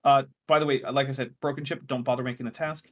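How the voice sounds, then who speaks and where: A man running a tabletop role-playing game, narrating scenes and rules in a relaxed, rambling way, often correcting himself. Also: mid-range voice, fast. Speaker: game master.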